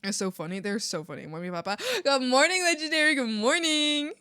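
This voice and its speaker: A woman streamer chatting casually to her viewers, excitable and rambling, laughing often. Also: high voice, a little fast, smooth. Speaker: art streamer. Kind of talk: casual live-stream chat.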